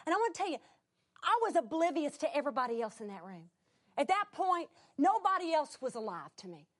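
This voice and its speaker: Animated high-voiced woman preacher. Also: brisk. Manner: animated, swinging from exclaiming to hushed whispers. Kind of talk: sermon storytelling.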